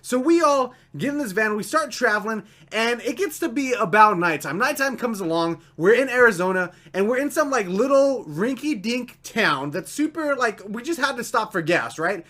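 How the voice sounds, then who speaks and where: A young man casually telling a story, chatty and animated, filling his talk with "like" and "right?". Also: very high voice, normal speed, few pauses.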